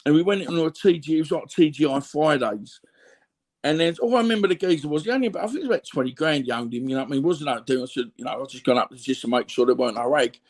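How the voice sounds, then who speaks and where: A middle-aged Cockney man from London, appearing as an interview guest, tells blunt, rambling stories packed with fillers and repetition in a candid, conversational way. His voice is a little high and he talks at a racing speed.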